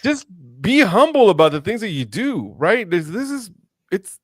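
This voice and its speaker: A man's voice: sits high, very animated, moderate pace, fairly bright tone, dry recording, studio quality. A man born in Mexico hosting a podcast interview, talking passionately and rambling with many restarts. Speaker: podcast host. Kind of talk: casual interview chat.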